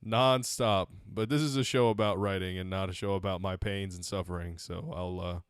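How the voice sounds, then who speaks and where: Joking low-voiced man on a podcast. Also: fairly even intonation, normal speed, clear, resonant tone, no echo. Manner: joking, teasing. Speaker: podcast co-host. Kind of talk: casual chat.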